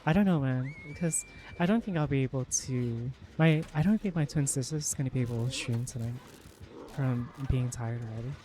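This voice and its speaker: Game streamer, soft hushed ASMR-like voice, mellow tone, relaxed rambling chat. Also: medium pitch, moderate pace. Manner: relaxed, rambling, laughs easily. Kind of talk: casual live gameplay chat.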